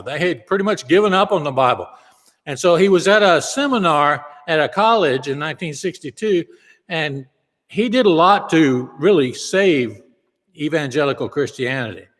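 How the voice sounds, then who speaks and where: A man's voice: a little high, fairly bright tone. Pastor guy preaching, tells stories and does the voices, lots of hall echo. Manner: storytelling, acts out quotes. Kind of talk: sermon. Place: church sanctuary.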